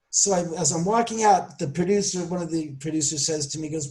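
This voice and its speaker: A man telling a story as a podcast guest, animated and acting out the voices he quotes, often restarting and correcting himself. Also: fairly high pitch, fairly quick. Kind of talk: storytelling interview.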